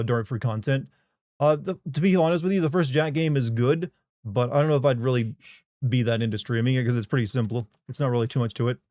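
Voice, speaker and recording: A man's voice: mid-range voice, a little mellow, dry recording, clean studio sound. A man chatting casually on a live game stream, reading out viewer questions and commenting on his pet in a laid-back, rambling way.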